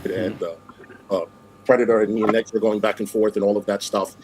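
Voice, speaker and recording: A man's voice: on the low side, level tone, brisk, noisy background. A man hosting a livestream, talking in a sassy, scolding way and calling people girl and honey. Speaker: livestream host. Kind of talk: casual livestream chat.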